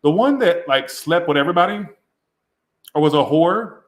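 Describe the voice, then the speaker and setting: A man with a somewhat high, animated voice talks at a normal speed while giving a live tarot reading. He sounds tipsy, rambling and crude as he pokes fun at himself, and the recording has a roomy echo.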